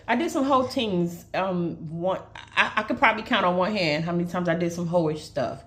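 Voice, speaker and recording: A woman from Brooklyn, telling a personal story to her viewers in a chatty, animated way. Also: medium pitch, a little fast. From Brooklyn, New York. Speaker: storyteller on social video. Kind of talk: casual storytime vlog.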